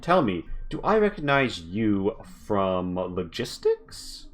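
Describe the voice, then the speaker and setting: A man voicing a posh woman who flatters and schmoozes strangers with a sales-pitch gush. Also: takes it slowly.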